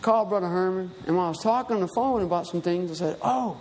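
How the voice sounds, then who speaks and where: A man's voice: sits high, quick pace, a little mellow. Male preacher, conversational storyteller rising to emphatic peaks; reverberant hall, faint room noise. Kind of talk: sermon.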